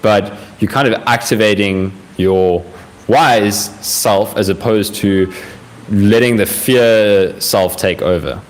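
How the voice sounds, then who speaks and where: A young man hosting a casual live Q&A from home, talking gently and reflectively with plenty of fillers, a fan running faintly behind him. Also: fairly low pitch, poor audio. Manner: gentle, reflective, speaks in unhurried phrases with frequent fillers. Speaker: livestream host answering viewer questions. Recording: faint fan noise in the background.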